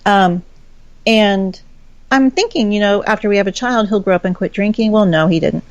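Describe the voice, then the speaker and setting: A woman's voice: mid-range voice, moderate pace, no room sound, highs cut off. A woman guest telling a personal story in a frank, chatty way, swearing casually. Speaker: podcast guest.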